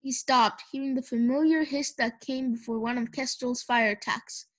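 High-voiced woman reading aloud. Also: fairly even intonation, normal speed, a bit bright. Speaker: audiobook reader. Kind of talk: children's book narration.

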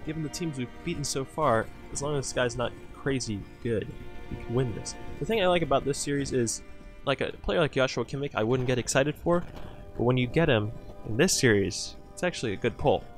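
Male gaming host, mid-pitched, excitable play-by-play of his own match, faint music underneath. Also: a little fast. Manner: excitable, talks to viewers as "boys", cheers at players. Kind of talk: live gameplay commentary.

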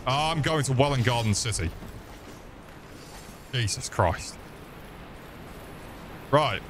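A man's voice: medium pitch, lively intonation, slow pace, noisy background. Sweary man commenting on a game. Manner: swearing, joking, chatting to viewers. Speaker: streamer. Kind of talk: casual gaming commentary.

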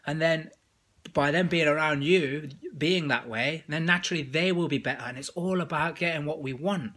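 A man's voice: a little high, normal speed. A man talking casually on a vlog as a sales coach, telling everyday stories with quoted voices. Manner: animated storytelling with quoted voices.

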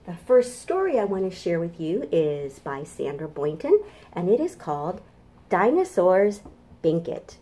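A woman's voice: lowish voice, sing-song, unhurried, dark tone. A woman children's librarian leading a toddler storytime from her home kitchen, cheerful and sing-song as she talks to small children.

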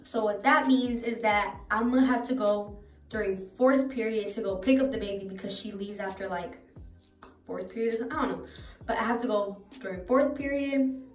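A woman's voice: mid-range voice, a little fast, echoey room, recorded from a distance, soft background music. A teenage girl giving a rambling casual vlog update from home. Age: teens. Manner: loose and rambling, with many fillers. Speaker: vlogger.

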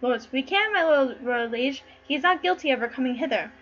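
A woman's voice: high-pitched, lively intonation, brisk, a bit bright. A woman reading the lines of pleading courtly lords in an amateur play read-through, earnest and pleading. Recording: slightly muffled with faint noise.

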